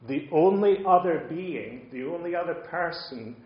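A man preaching a sermon, moving between quiet asides and loud, emphatic points. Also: on the high side, lively intonation, unhurried. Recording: roomy, slightly dull sound.

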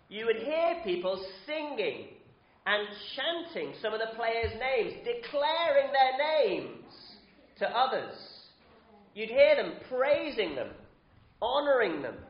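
A high-voiced man leads a lively Easter sermon, coaxing his congregation to shout out. His voice rings through a roomy church, captured with a slightly dull, muffled sound. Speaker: preacher.

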